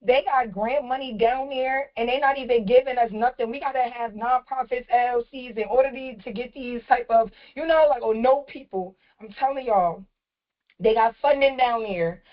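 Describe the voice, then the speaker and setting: A woman in her thirties, a community activist, ranting angrily with lots of swearing, her voice going hoarse. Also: fairly high pitch, normal speed. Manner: angry, profane, shouting in bursts. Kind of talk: impassioned rant. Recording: dull lo-fi clip.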